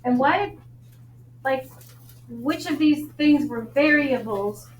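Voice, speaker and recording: A woman math teacher with a Long Island accent, teaching a class in a brisk, joking way and quizzing her students. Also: sits high. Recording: echoey classroom, faint noise.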